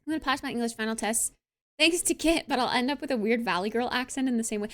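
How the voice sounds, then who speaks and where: A young woman streamer chats casually with her live audience, with a slightly higher voice than most. Her delivery is bubbly and animated, and "like" turns up often between her thoughts. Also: fast. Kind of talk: casual chat, reading and answering live chat.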